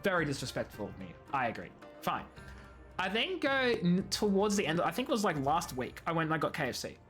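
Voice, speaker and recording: Animated twenty-something streamer, lively pitch. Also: fairly quick, faint music behind. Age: 20s. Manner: animated ranting, swaps swears for "fudging"; talks to chat by name, self-mocking. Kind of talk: casual live-stream chat while gaming.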